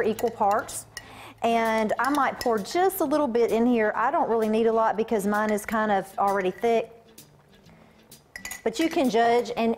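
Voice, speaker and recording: A woman guest cook explaining a stew recipe step by step with enthusiasm. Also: on the high side. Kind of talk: cooking demonstration. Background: music.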